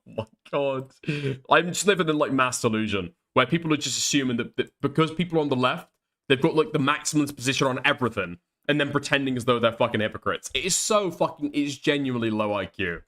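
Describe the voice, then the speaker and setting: A man's voice: mid-range voice, quick pace, a bit bright. A man ranting in exasperated commentary, swearing often and mocking the people he argues against.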